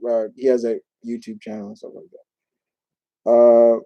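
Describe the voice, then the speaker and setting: A man from New York hosting a casual live Q&A, talking in a rambling, animated way with many restarts. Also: mid-range voice, moderate pace, creaky, highs cut off. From New York, United States. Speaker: YouTube show host.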